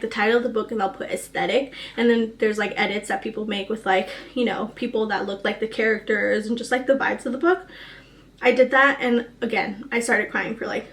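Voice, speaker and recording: A young woman casually chatting about books she read, emotional and gushing, full of fillers. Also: fairly high pitch. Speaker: book vlogger. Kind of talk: casual book review chat.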